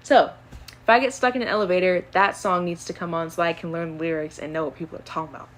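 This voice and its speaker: A young woman casually answering would-you-rather questions on her own channel, chatty and animated, with plenty of fillers. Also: on the low side, quick pace, slight background noise. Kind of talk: casual chat.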